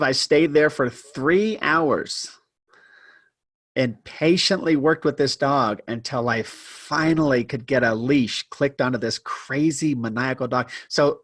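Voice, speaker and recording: Guy telling a wild story on a podcast, mid pitch, chuckles at himself, dry close sound. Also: no room sound. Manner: animated storytelling, pace speeding up and slowing for effect; self-deprecating, chuckling. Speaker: guest storyteller. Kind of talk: casual storytelling interview.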